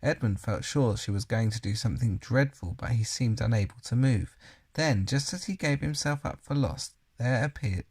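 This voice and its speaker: A man's voice: medium pitch, moderate pace, darkish tone, breathy edge. A man reading a children's novel aloud, plainly and with the odd slip and self-correction. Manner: unpolished reading, occasional slips and self-corrections. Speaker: reader.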